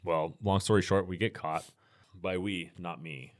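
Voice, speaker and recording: Deep-voiced American man telling a story. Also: unhurried, dry recording, studio quality. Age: middle-aged. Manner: relaxed, rambling anecdotal delivery with restarts. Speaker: podcast guest, firearms instructor. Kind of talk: casual storytelling in interview.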